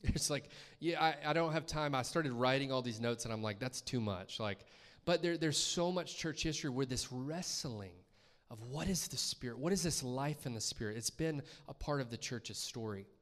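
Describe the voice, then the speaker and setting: A man's voice: mid-range voice, normal speed, fairly bright tone. A man preaching a sermon as a guest speaker in a church, talking conversationally and asking the congregation questions.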